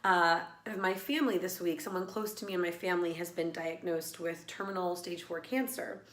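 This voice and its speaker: A woman's voice: fairly low pitch, steady tone, moderate pace, fairly bright tone, echoey room. A woman who teaches laughter yoga, talking earnestly and reflectively in a personal vlog, with many fillers and restarts.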